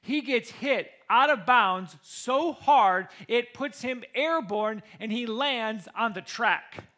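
Man, football coach, animated storyteller: high, forceful voice, quotes people with their own voices. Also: slow. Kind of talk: personal storytelling.

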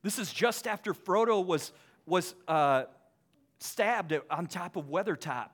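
A young man speaking to a live audience, polling them with quick questions, full of halting restarts, then reading a book passage aloud. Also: high-pitched, animated. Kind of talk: lively talk to a crowd, reading aloud.

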